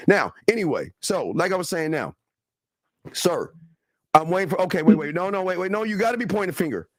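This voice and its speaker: A man's voice: high-pitched, big pitch swings, fairly quick, no echo, clean studio sound. A man co-hosting a live talk show, profane and confrontational, talking animatedly to his audience. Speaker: co-host. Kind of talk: heated livestream talk.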